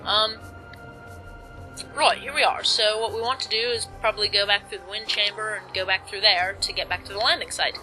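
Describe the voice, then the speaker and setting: A woman's voice: mid-range voice, steady tone, a little fast, bright, forceful tone, faint music behind, poor audio. A woman casually commenting as she plays a video game, rambling and joking at her own expense. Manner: rambling, self-mocking, jokey asides. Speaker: let's play commentator.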